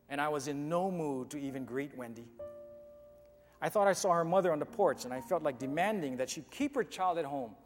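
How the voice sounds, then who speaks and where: A man narrating a dramatic story in the first person, with an expressive, halting delivery. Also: fairly high pitch. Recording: long hall reverb with soft music.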